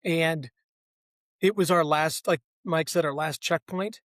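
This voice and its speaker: High-voiced man telling his race story. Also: steady tone, unhurried, fairly bright tone, dry recording. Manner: reflective storyteller. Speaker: race participant guest. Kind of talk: casual storytelling interview.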